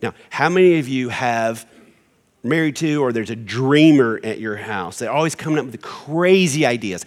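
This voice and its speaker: A middle-aged man preaching in a big church hall, joking and acting out little quoted lines. His pitch sits in the middle for a man. A long reverb trails after each phrase. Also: normal speed. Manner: animated and joking, acts out quotes. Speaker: pastor. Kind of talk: sermon. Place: large church hall with congregation.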